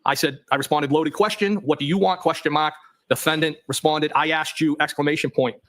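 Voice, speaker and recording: A man's voice: fairly high pitch, fairly even intonation, brisk, fairly bright tone. A man testifying as a witness in a courtroom, reading text messages aloud and naming each punctuation mark. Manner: reads plainly, voicing punctuation marks. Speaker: trial witness.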